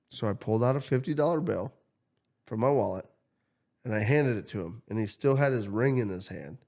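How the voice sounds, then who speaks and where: Male podcast host, lively storyteller who swears a lot and voices his characters. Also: fairly low pitch, fairly quick. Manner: animated, swears freely, acts out quotes. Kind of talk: casual storytelling chat.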